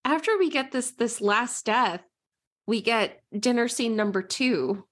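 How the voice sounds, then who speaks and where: A woman's voice: a little high, animated, a little slow. A woman co-hosting a casual podcast who agrees eagerly and laughs easily while recapping a film. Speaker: podcast co-host.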